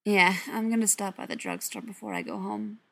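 A woman's voice: mid-range voice, fairly quick, vocal fry, fairly bright tone. A woman voicing a flustered teenage boy. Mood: nervous. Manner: tense, nervous.

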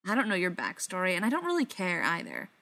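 A woman's voice: fairly low pitch, wildly swooping pitch, fast talker, vocal fry, pushed and bright, exaggerated voice. A woman reading the lines of a scornful, anxious young man held captive, blunt and mocking.

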